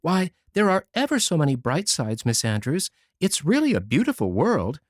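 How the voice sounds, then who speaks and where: A man's voice: on the high side, huge pitch swings, moderate pace, dry recording, studio quality, voice pushed up. A man reading a storybook voices an idealistic sixteen-year-old girl who speaks eagerly and pleads her case. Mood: eager pleading. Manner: eager, pleading, bright-sided.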